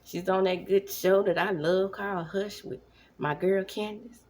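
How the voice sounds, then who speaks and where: A woman in her thirties giving casual commentary at home, animated, now and then dropping into whispers. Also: mid-range voice, measured pace, slight background noise. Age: 30s. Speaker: vlogger. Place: home, at night.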